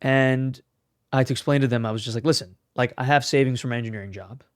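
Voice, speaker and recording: Young Canadian man telling animated stories. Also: mid-range voice, fast, smooth, no echo, studio quality. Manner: animated, acts out quoted lines. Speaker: actor, podcast guest. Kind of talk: casual interview storytelling.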